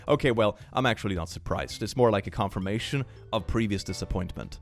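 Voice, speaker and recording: A man's voice: on the low side, brisk, hardly any pauses, soft background music. A man co-hosting a comedic meme reaction, making dry, sarcastic remarks. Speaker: co-host reacting to memes. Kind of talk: casual comedic reaction commentary.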